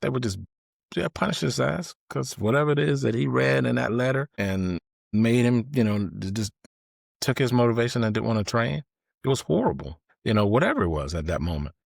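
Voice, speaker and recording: A man's voice: medium pitch, creaky, slightly rough, no echo, studio quality. A man, telling a personal story in a candid, confessional, conversational way. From Georgia, US. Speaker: host, storyteller.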